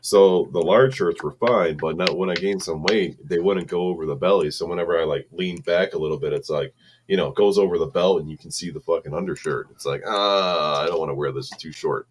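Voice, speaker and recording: A man's voice: low voice, a little fast, a little mellow, a little hiss or hum. A man co-hosting a casual podcast, blunt and contrary, swearing freely. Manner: crude, profane, blunt and contrary. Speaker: podcast co-host. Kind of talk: casual chat.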